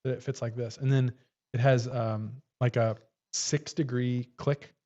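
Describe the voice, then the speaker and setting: A man's voice: mid-range voice, steady tone, measured pace, mellow. Casual male co-host, rambly show-and-tell delivery, dull lo-fi stream sound. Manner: rambling, shows and demonstrates tools on camera. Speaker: livestream co-host. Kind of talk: casual livestream chat.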